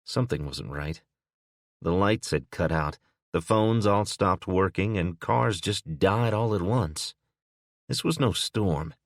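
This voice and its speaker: A man narrating an audiobook in a steady, even manner. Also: sits low, takes it slowly, no room sound, clean studio sound. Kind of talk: scripted narration.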